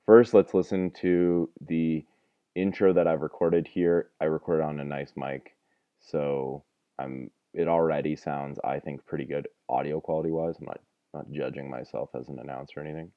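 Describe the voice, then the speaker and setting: A deep-voiced young man walks viewers through an audio lesson in a loose, chatty way, joking at his own expense and wandering with fillers. The sound is dry and narrow, like a phone line. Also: fairly even intonation, normal speed, dry recording. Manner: chatty and self-deprecating, rambling with fillers. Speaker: audio teacher. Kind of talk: casual screen-recorded tutorial.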